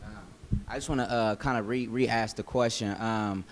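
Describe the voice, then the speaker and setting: A man's voice: on the low side, fairly even intonation, unhurried, slight background noise. A man in a live debate who asks probing, challenging questions and pushes back on the panel. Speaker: debate participant asking questions.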